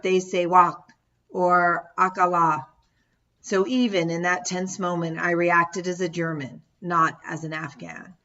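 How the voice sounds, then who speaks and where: A woman reading a first-person memoir as an audiobook narrator, measured and steady, now and then raising her voice for quoted shouts. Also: fairly low pitch. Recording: dull lo-fi audio.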